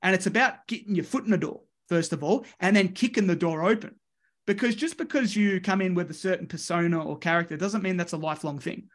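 High-voiced Australian wrestling coach. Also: male voice, fast. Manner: lively, voices the people in his stories. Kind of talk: animated storytelling.

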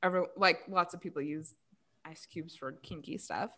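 A woman co-hosting a casual podcast chat as a breakup coach, animated and blunt, swearing freely and laughing often. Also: low-pitched, normal speed.

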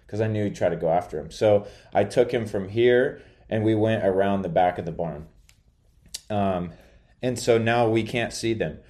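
This podcaster's voice is lowish and dark as he tells a story alone, still sleepy from a nap. He rambles casually, hesitating and leaning on lots of fillers.

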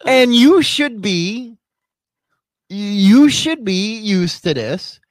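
A male host tells animated, profane stories with loud bursts. His voice is high and swings widely in pitch. The sound is dry and close. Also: drawn-out words, dry recording. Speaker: podcast host. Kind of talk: casual chat reacting to clips.

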